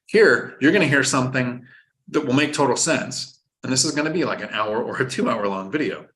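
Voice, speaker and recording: A brisk, mid-range male voice with a fairly bright tone leads this finance live stream. The host teaches step by step, tossing in jokes as he reads out comments from the chat.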